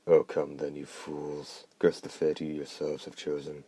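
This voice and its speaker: A man's voice: very deep voice, monotone, a little slow, warm tone, breathy edge, exaggerated voice. A man reading the part of an arrogant vampire duke with a contemptuous, commanding manner. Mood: mocking.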